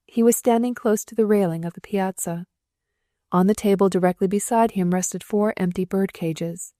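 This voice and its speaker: A woman reads a novel aloud with lively expression, her voice sitting at a middle pitch. Her narration is scripted and carefully paced. The sound is close and dry, with no room echo. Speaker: audiobook narrator.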